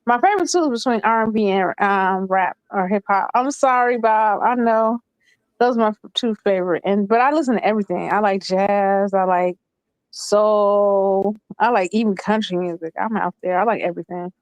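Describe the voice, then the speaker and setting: A woman's voice: mid-range voice, moderate pace, no room sound, low-quality recording. A woman in her thirties chatting casually as a call-in panelist, rambling with lots of fillers. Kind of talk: casual chat.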